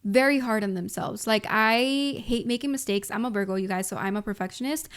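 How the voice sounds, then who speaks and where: A woman's voice: on the high side, fairly quick, clear, resonant tone. A woman in her twenties hosting a motivational solo podcast, talking casually and emphatically with lots of filler words and direct address to listeners. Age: 20s. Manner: casual and emphatic, frequent "like" and "you guys". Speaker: podcast host.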